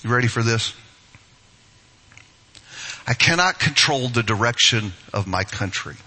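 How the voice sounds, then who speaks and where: Middle-aged male pastor, sermon, piercing bright tone, a bit husky; emphatic, punches key words. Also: expressive, unhurried. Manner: emphatic, rising to forceful high-pitched stresses.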